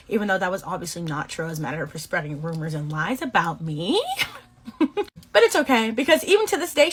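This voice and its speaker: A young woman from Boston tells a story in a casual vlog, full of sass and slang. Her voice is fairly high and she keeps it lively and animated. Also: breathy edge. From Boston, USA. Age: 20s. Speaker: beauty vlogger.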